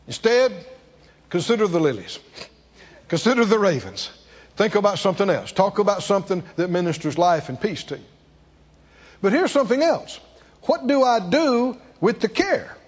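Emphatic preacher in an echoey hall. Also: male voice, high voice, big pitch swings, normal speed, long pauses, breathy edge, lo-fi sound. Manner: emphatic, rhetorical questions, swings between soft and loud. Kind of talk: sermon.

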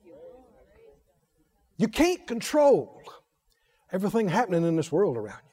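A man preaching a sermon, leading the congregation in call-and-response and rising to shouted, drawn-out declarations. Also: high voice, wildly swooping pitch, slightly rough, big-room sound. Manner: leads the congregation to repeat lines.

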